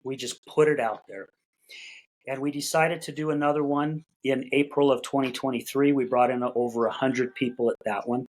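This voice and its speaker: A man's voice: medium pitch, steady tone, moderate pace, rough recording. A middle-aged man, a podcast guest, telling his story in a casual, folksy way, repeating words as he gathers his thoughts and acting out bits of dialogue. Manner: acts out quoted dialogue in conversation.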